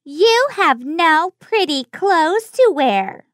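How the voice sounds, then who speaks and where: A woman's voice: very high-pitched, very animated, takes it slowly, fairly bright tone, no room sound, studio quality, voice pushed up, heavily acted. A woman doing sneering mean stepsisters. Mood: taunting. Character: mean, snooty young female stepsisters.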